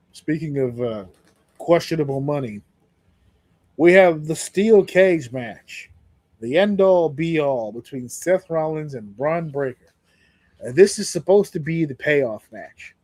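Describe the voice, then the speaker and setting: Chatting casually as a podcast co-host, a man spins energetic stories full of swearing. He speaks unhurriedly in a slightly high voice, with no room sound.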